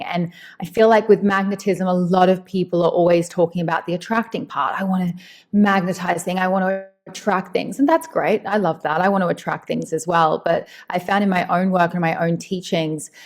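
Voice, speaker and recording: A woman with a slightly low voice talks as a guest in a relaxed interview. She is animated and emphatic, drawing out the words she wants to stress and slipping into quick bits of acted-out dialogue. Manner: animated, acts out quoted dialogue. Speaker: podcast guest, meditation teacher and author. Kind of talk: conversational interview.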